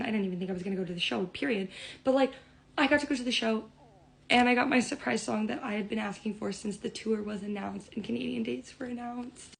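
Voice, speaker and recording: A young woman telling a storytime in an excited, rambling way. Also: on the high side, fast talker, creaky, poor audio. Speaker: vlogger.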